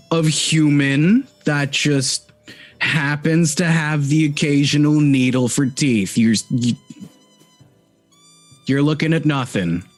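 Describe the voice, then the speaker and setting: A man voicing a shifty prisoner with needle teeth in a tabletop game, stalling through slow, stumbling denials. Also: a little high.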